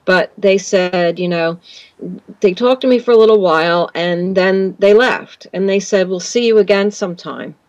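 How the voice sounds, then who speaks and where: A woman's voice: mid-range voice, unhurried, no room sound, highs cut off. A woman guest on a radio interview, telling a long personal story in a rambling way, often saying "you know" and "like". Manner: rambling, repeats words, says "you know" and "like".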